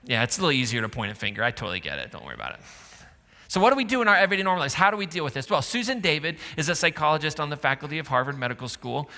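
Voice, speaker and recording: Man, pastor, sermon, slightly high voice, bright tone, church hall echo. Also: big pitch swings, rapid-fire, creaky. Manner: conversational, joking with the congregation. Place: church auditorium. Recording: church hall reverb with faint music.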